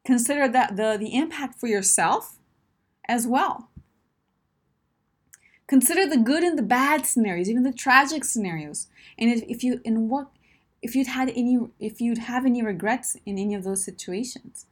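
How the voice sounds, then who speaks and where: A woman's voice: a little high, moderate pace, slightly rough. A woman coaching listeners in a direct advice talk, emphatic and encouraging, often checking in with "right?" and "my friend".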